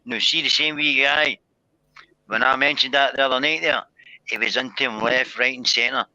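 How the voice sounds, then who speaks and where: Panel guest, very sharp forceful voice, rambles on with his stories. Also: mid-range voice, fairly even intonation, normal speed, no echo. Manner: long rambling stories, keeps repeating himself, swears. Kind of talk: casual banter on a live stream. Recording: dull, dry lo-fi sound.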